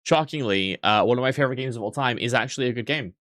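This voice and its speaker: A man's voice: medium pitch, steady tone, rapid-fire, a bit bright, no room sound, clean studio sound. A man streaming a video game, rambling in casual commentary, swearing freely and poking fun at himself.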